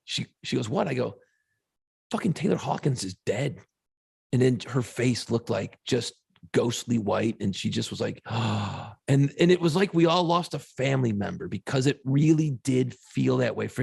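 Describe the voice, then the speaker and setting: A man's voice: medium pitch, creaky, breathy edge, no echo, clean studio sound. A middle-aged man co-hosting a podcast, telling an emotional story with plenty of swearing and quoted reactions. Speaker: podcast co-host and radio host. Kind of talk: casual podcast chat.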